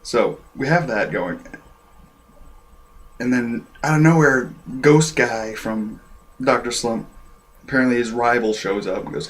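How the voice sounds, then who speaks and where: A man giving a casual, rambling review of an anime episode and clearing his throat often. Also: medium pitch, a little slow, pauses often, fairly bright tone, slight background noise.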